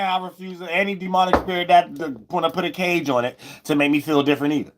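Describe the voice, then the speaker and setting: A man giving a loose, rambling spiritual astrology monologue, repeating himself and breaking into sudden loud, high shouts. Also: a little fast, hardly any pauses. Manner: loose, preachy, repeats "you know what I'm saying", bursts into loud high shouts.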